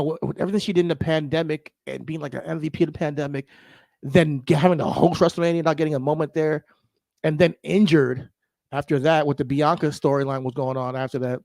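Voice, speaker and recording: A man co-hosting a podcast in casual chat, animated and laughing, getting emotional as he talks. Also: on the high side, creaky, dry recording. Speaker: podcast co-host.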